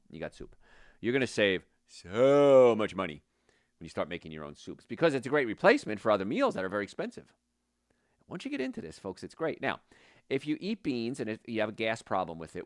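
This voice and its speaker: A middle-aged man hosting a casual health talk, folksy and rambling, going off on tangents and pitching his services. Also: dry recording, clean studio sound. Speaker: health practitioner and show host.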